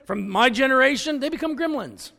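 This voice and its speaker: A man preaching a sermon full of stories and jokes, with an animated, jokey delivery. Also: very high voice, brisk, creaky. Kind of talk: storytelling sermon.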